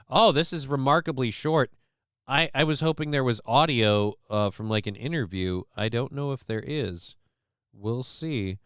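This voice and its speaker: A male host rambles through casual commentary, swearing and trailing off with fillers. His voice is bright and smooth. The sound is dry and close. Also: lowish voice, no room sound. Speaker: show host.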